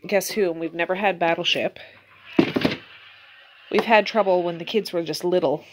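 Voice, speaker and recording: A woman's voice: on the low side, background noise. A middle-aged woman with a Nova Scotian accent, chatting in a rambling, self-correcting way for her home vlog. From Nova Scotia, Canada. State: out of breath. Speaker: vlogger. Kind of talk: casual chat. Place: outdoors in snow at dawn.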